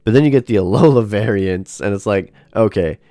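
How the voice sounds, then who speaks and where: A man giving casual livestream commentary, chatty and thinking out loud, laughing often. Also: fairly low pitch, brisk, no echo, studio quality. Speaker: livestreamer ranking a tier list.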